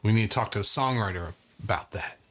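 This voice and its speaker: A man teaching a live online guitar lesson in a relaxed, chatty way, counting beats aloud as he strums. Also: fairly low pitch, quick pace, a little hiss or hum. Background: acoustic guitar strumming.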